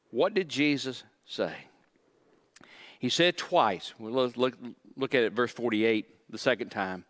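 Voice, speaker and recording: A man's voice: mid-range voice, fairly bright tone, long reverb tail. A male pastor giving a sermon in a conversational preaching manner, repeating key phrases for emphasis.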